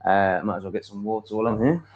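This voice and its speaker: A man's voice: lowish voice, fast talker, noisy background. English male streamer, loose and profane, trips over his own sentences; slightly muffled recording. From England. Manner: swears freely, restarts sentences, laughs often. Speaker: live streamer. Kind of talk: rambling live-stream chat, reacting to comments.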